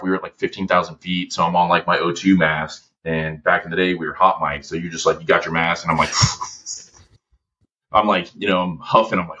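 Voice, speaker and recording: Brief: very low male guest voice, slangy storyteller, dull lo-fi sound. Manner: slangy, lively, quoting others in his stories. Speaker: podcast guest, former gunship gunner. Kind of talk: casual storytelling interview.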